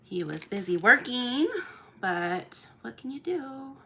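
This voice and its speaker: A woman's voice: fairly high pitch, animated, slow, bright, forceful tone, slight background noise. A woman hosting a live online auction, chatting casually with viewers and laughing often. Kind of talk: casual live-stream chat.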